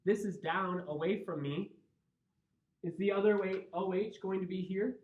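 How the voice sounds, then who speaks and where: A man's voice: high voice, moderate pace. A man with a Midwestern accent teaching a chemistry class, explaining step by step and checking in with his students. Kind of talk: classroom lecture. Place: lecture classroom. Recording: roomy, dull lo-fi classroom recording.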